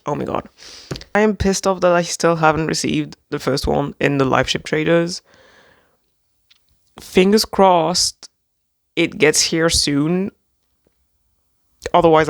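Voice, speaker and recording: A book vlogger chatting casually and gushing excitedly about a secondhand book haul, rambling with lots of fillers. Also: medium pitch, gravelly, no room sound, studio quality. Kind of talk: reading a poem aloud.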